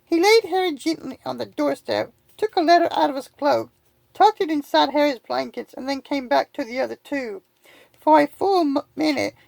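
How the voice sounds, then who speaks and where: A woman's voice: high-pitched, gravelly, darkish tone, dry recording, rough recording. A woman reading a storybook aloud as an amateur audiobook, often slipping and restarting words. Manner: reads with frequent slips and restarts. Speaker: reader.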